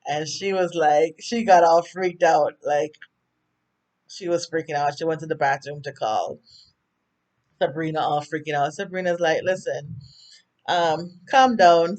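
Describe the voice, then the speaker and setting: A woman with a Jamaican accent giving a casual, rambling TV episode recap full of fillers and asides to viewers. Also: low voice. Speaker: TV recap vlogger.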